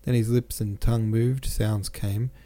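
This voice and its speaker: A man narrating a classic novel as a podcast host, reading in a measured way with small self-corrections. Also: on the low side, steady tone, dark tone. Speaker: podcast host and audiobook reader.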